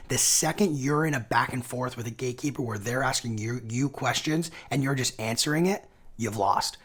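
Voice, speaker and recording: Upbeat husky man teaching sales. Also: mid-range voice, fairly bright tone. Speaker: sales coach and channel host. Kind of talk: instructional video lesson.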